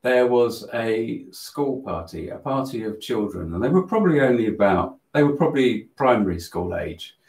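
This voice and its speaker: A man telling a spiritual story in a live Q&A, earnest and animated, often restarting his sentences. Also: mid-range voice, moderate pace, few pauses. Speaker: host of a spiritual channel. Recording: roomy echo.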